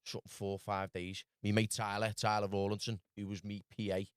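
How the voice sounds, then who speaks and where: On a podcast, a guest from Liverpool tells a meandering travel tale in a thick Scouse accent, constantly dropping "lad" and "do you know what I mean." He speaks briskly in a lowish voice with little pitch movement. The tone is clean, with no echo, and the sound is studio quality.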